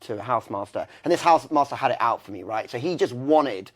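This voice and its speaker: Young guy rambling openly in an interview, lots of likes and you knows, mid-pitched voice. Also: expressive, fast talker. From England. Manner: candid, rambling, many fillers and restarts. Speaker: guest. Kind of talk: conversational storytelling.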